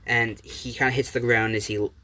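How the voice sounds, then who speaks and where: A man's voice: mid-range voice, level tone, a little fast, bright, forceful tone. Man rambling through a fan story. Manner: rambling, with fillers and restarts. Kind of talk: improvised fan-fiction narration.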